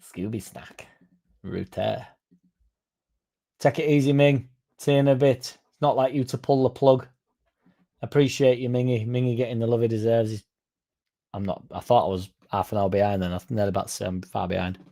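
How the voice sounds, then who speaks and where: Sweary man with a dark voice. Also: medium pitch, little pitch movement, fast. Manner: sweary, rambling, chats to viewers by name. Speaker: fan channel livestream host. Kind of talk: casual livestream chat.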